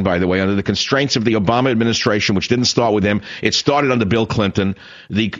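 A man hosting a political talk radio show, ranting in a combative, sarcastic monologue with sudden loud outbursts. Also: fairly low pitch, lo-fi sound.

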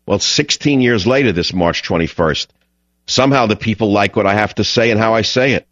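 A man's voice: fairly low pitch, a little fast, fairly bright tone, no echo, highs cut off. A middle-aged man with a New York accent hosting a call-in radio show, talking in a direct, opinionated way and restarting his words. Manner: direct, opinionated, repeats words when starting. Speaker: radio talk show host.

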